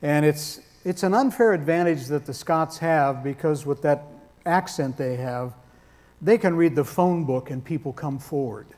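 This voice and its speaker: A man's voice: fairly high pitch, normal speed, darkish tone. A man preaching a sermon in a conversational, emphatic way with touches of dry humor.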